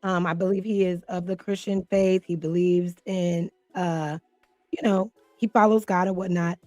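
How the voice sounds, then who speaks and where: A woman's voice: fairly low pitch, steady tone, normal speed, warm tone, dry recording, soft background music. A woman hosting a casual commentary show, candid and outspoken, swearing and laughing freely as she reacts. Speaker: host.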